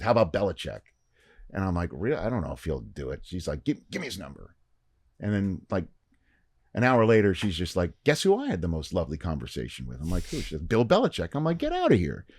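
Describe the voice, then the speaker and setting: Middle-aged male podcast host, very low pitch, loose chatty storyteller, dry studio sound. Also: dry recording. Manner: rambling, animated anecdote-telling with many fillers. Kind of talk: casual storytelling chat.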